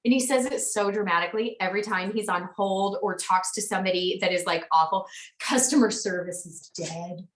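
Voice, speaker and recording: A woman's voice: medium pitch, steady tone, fast, few pauses, a bit bright. A woman in her thirties, a sales team leader giving a frank, chatty and encouraging motivational talk on a team call. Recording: roomy echo, distant from mic.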